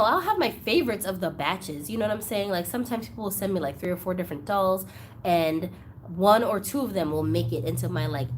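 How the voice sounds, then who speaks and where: A woman hosts an unboxing vlog in a gushing, exclamatory way, sometimes close to tears. Her pitch jumps all over the place. A faint hiss of noise sits under the recording. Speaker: doll collector channel host.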